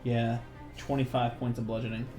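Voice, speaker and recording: A game master calls out rolls and damage with wry, amused asides. The voice sits in an ordinary middle pitch. Faint music plays behind the table talk. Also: level tone, normal speed.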